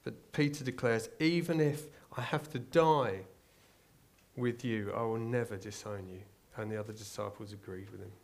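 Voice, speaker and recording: A man's voice: lowish voice, moderate pace, creaky, darkish tone. A man with an English accent preaching a sermon in a conversational, searching way, retelling a story and asking the listeners rhetorical questions. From England.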